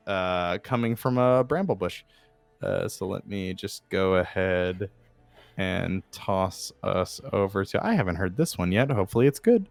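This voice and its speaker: A man's voice: medium pitch, clear, resonant tone, no room sound. A man with a New Jersey accent narrating as game master, rambling with lots of fillers. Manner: rambling, many fillers, laughs often.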